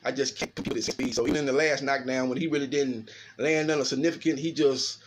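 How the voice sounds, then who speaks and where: Fast-talking man breaking down a boxing fight. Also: medium pitch. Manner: fast, animated, filler-heavy talk with repeated "man". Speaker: boxing commentator. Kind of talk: casual boxing analysis.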